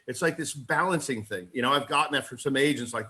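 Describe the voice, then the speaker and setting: A man talking as a sales agent on a group call, excitable and rambling, quick to laugh and calling himself a goofball. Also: medium pitch. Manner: self-described goofball. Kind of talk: casual call-in chat.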